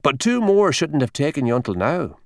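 A man voicing a gruff, burly older country doctor who growls and blusters, in an audiobook reading. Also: a little high, big pitch swings, brisk, no echo, clean studio sound.

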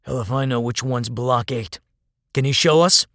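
A man doing a gruff barking army captain. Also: mid-range voice, moderate pace, no echo, studio quality, close to an everyday voice. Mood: alarmed. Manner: barking orders, loud and clipped.

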